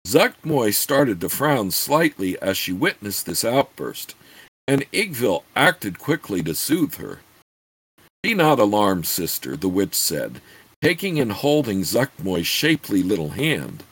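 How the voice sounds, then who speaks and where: A man narrating a fantasy audiobook in an expressive, lively read-aloud way. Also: lowish voice, unhurried, slightly rough.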